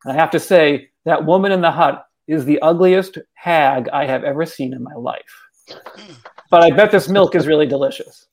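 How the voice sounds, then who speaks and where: A man's voice: fairly high pitch, moderate pace, natural voice. A man voicing a weary, bewitched male sea captain in a told story, in a dry, matter-of-fact way. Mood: deadpan.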